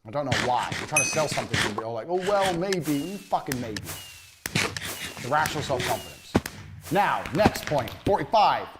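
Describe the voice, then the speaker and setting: A man's voice: medium pitch, big pitch swings, moderate pace. A man teaching a recorded business course in a blunt, emphatic way, swearing freely. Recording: loud background noise.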